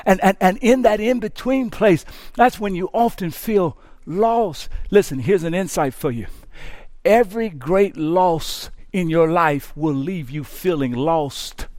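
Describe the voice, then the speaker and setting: A male pastor delivers a sermon in a high voice, dropping to near hushes and then climbing into fervent shouts. He stumbles over repeated words as his intensity builds. The sound is dry and close, with no room around it. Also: measured pace, dry recording. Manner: impassioned preaching, swings from hushed to shouting.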